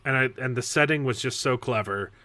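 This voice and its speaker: A man in casual chat about a book, excited and laughing as he retells scenes. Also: mid-range voice, fairly quick, dry recording. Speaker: book discussion guest.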